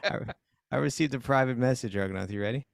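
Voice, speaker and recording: Low gravelly guy teasing his cohost, dry close mic. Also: quick pace, dry recording. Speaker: podcast co-host. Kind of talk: casual chat.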